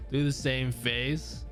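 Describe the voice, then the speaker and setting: A man streaming live, chatting casually with viewers in an easygoing, rambling way and laughing often. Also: mid-range voice. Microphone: studio mic through audio mixer. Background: faint background music.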